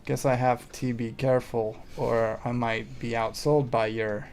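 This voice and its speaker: A man voicing a gruff, friendly old male sailor in a hammy pirate drawl while reading game dialogue aloud. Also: medium pitch, flat delivery, a little slow, darkish tone, a little hiss or hum, natural voice. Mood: boastful.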